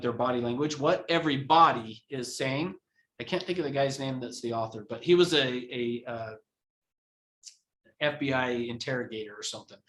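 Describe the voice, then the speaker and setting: A man's voice: mid-range voice, fairly bright tone. A man teaching a live real estate training class who acts out examples as he explains them. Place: training room. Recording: echoey room.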